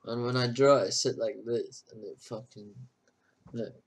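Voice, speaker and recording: A man's voice: mid-range voice, slow pace, slightly rough. A young man chatting loosely and swearing while he draws on a livestream from his desk at home. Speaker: livestreamer drawing. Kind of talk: casual chat while working.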